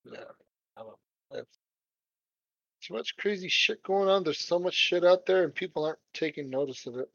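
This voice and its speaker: A man's voice: high-pitched, moderate pace, gravelly, long pauses, fairly bright tone, no room sound. A man co-hosting a casual podcast chat, laid-back and profane, laughing easily, on a dull lo-fi recording. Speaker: podcast co-host. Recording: dull lo-fi sound.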